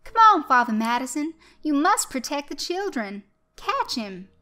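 A woman voicing a showy male host of a children's stage show, coaxing and shouting to the kids. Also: medium pitch, measured pace. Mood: hammy. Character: loud jovial male kids' show host.

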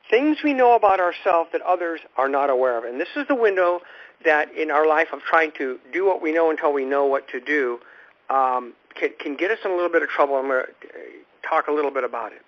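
A man's voice: fairly high pitch, expressive, a little fast. Male radio host, informal spiritual teacher, meandering delivery with frequent restarts; muffled lo-fi broadcast. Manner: rambling, repeats words when restarting thoughts. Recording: dull lo-fi radio recording.

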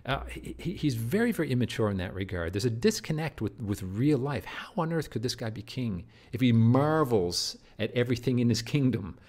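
A man's voice: medium pitch, big pitch swings, fairly quick, few pauses, a little mellow. A man giving a recorded literature lecture, who often repeats and restarts words and keeps checking in with his listeners.

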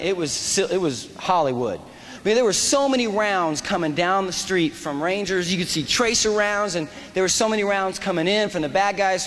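Animated high-voiced man speaking in a hall. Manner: animated, acts out dialogue and shouts quoted lines. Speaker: motivational speaker and army veteran. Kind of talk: storytelling speech. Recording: reverberant hall with faint noise.

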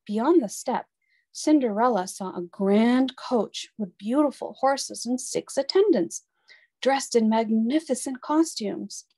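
A woman reading a children's storybook aloud in an expressive, clear storytelling voice. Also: a little high, takes it slowly.

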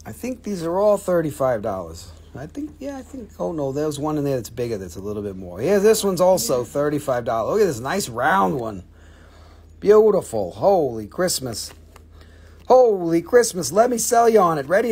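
A husky, slightly breathy voice at an ordinary middle pitch, belonging to a seller on a live sales stream. The talk is loose and jokey, swearing freely and rambling between prices. It is casual, unscripted patter. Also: sing-song, brisk, a little mellow.

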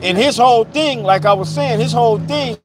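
A man's voice: very high voice, a little fast. A man talking emphatically about scripture with fellow street preachers, repeating himself and quoting verses. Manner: emphatic, repetitive, quotes scripture. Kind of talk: casual religious chat outdoors. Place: city street outdoors. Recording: outdoor street noise.

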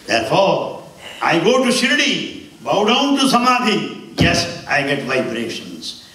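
A man's voice: a little high, wildly swooping pitch, unhurried, pushed and bright. A man giving a devotional talk to an audience, emphatic and repeating key phrases. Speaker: spiritual speaker. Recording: echoey hall, voice from far off.

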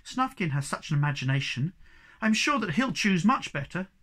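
Reader doing a gentle, shy troll mum, lively lilt. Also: medium pitch, normal speed, voice pushed up. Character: gentle, modest troll mother.

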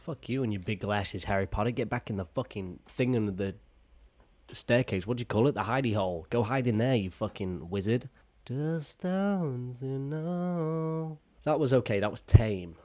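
A man's voice: fairly low pitch, fairly quick, a little mellow. A man giving sarcastic, profane running commentary as he reacts to video clips.

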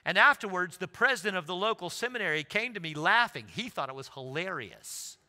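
A middle-aged man preaches from the pulpit with a bright, ringing voice, pitched a little high. He tells a humorous story with animated energy. The sound carries the long reverb of a large sanctuary. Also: a little fast. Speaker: pastor. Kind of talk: sermon. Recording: livestream with long hall reverb.

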